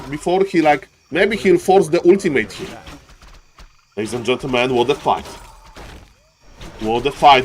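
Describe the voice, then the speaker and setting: A man casting a live strategy game match, jumping between calm play-by-play and excited yelling, repeating his catchphrases. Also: a little high, normal speed, long pauses, a little hiss or hum. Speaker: game caster. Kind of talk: live esports commentary.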